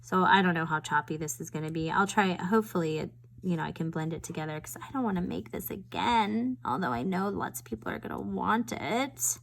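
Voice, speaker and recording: A woman's voice: on the low side, brisk, gravelly, poor audio. A woman chatting and rambling through a papercraft tutorial at home, joking at her own expense as she works. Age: adult with a school-age daughter. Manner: chatty, rambling, self-deprecating. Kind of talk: casual crafting demonstration.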